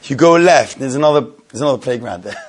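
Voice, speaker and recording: This storyteller from around London rambles through a casual anecdote for friends, frequently laughing at his own tale. His mid-range voice is expressive and slightly rough, and he talks at a quick pace.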